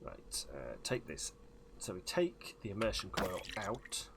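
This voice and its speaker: Man, game streamer, animated voice, chatty, self-mocking, faint hum behind. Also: low-pitched, unhurried, gravelly. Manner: chatty, self-deprecating, jumps between topics. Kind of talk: casual gaming stream chat.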